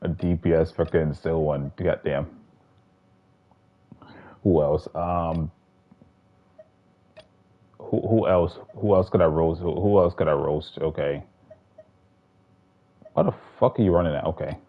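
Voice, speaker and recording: A man's voice: rumbling low, measured pace, pauses often, lo-fi sound. A man streamer giving casual, rambling, profane commentary while playing a game. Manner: rambling, profane, restarts often. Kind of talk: casual gaming livestream commentary.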